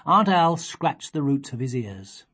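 A woman reading a children's story aloud, expressive and gently measured. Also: rumbling low, slightly rough. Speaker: reader.

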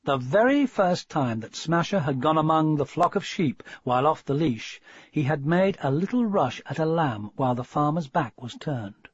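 Lively, husky male storyteller. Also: on the high side, no room sound. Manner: expressive, measured storytelling. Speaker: narrator. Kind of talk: audiobook story narration. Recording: dull, dry lo-fi recording.

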